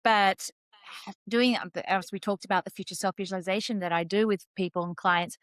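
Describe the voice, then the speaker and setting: A woman's voice: mid-range voice, fairly even intonation, moderate pace, clear, resonant tone, no room sound. A woman from Australia with an Australian accent, a life coach guest chatting and laughing easily. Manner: warm and laughing. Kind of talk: casual interview chat.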